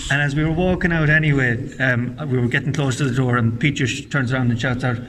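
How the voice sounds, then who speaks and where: A man's voice: medium pitch, quick pace. A man in casual podcast banter, telling anecdotes and laughing along with the others. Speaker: podcast guest. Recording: noisy with long reverb.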